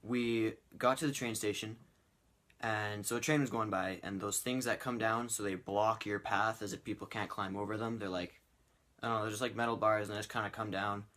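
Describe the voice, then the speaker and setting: A teenage boy telling a story in a casual vlog, rambling and animated, with lots of fillers. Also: on the low side, fairly quick. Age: teens. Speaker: vlogger.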